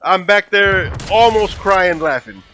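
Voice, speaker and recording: A young man in his twenties telling a funny, profane story from school in a casual, animated way. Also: sits high, slow, a little hiss or hum. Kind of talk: casual storytime over gameplay.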